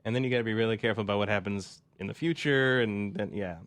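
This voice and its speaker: A man's voice: fairly low pitch, fast talker, a bit bright. A man co-hosting a casual talk show who makes dry, joking asides. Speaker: podcast co-host. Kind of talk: casual chat.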